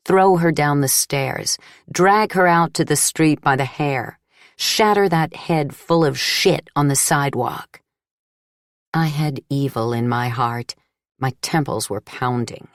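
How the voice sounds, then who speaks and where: Female audiobook narrator: low, unhurried, intense first-person reading, dry booth sound. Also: no room sound.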